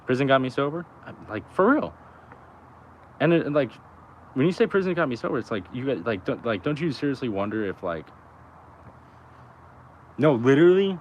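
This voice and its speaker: A man's voice: mid-range voice, expressive, moderate pace, pauses often, a little hiss or hum. A young man talking in a loose, rambling, profane way, full of fillers, outdoors by a road. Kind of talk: casual rambling chat.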